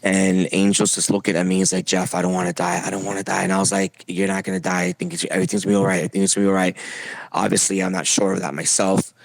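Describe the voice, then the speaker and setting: Young adult man from Puerto Rico, low dry voice, halting testimony full of fillers, podcast guest. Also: little pitch movement, vocal fry, no echo. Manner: halting, many fillers and restarts. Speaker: interview guest. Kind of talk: personal testimony.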